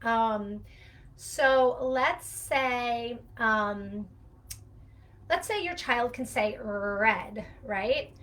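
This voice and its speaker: A woman's voice: on the high side, extremely slow, a bit bright. A woman speech-language pathologist giving a casual, rambling teaching talk, with fillers and the odd laugh.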